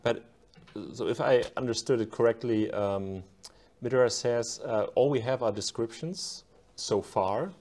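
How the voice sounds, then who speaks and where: A man discussing his own book in an academic conversation, careful and halting as he searches for words. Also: mid-range voice, darkish tone.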